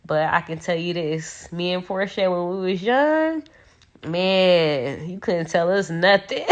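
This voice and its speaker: A young woman on a phone livestream in a dark room at home, talking about her sister in a rambling, emotional way with many fillers. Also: fairly low pitch, big pitch swings, slow. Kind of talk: casual livestream talk.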